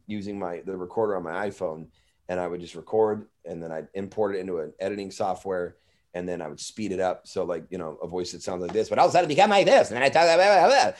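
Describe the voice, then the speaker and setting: A man hosting a podcast, telling a story in an animated, rambling way and swearing freely. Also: low-pitched. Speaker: podcast host. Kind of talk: casual storytelling.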